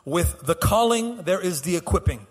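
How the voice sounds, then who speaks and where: Male pastor, high husky voice, impassioned sermon, swings soft to loud, echoing sanctuary. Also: animated, moderate pace. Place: church sanctuary.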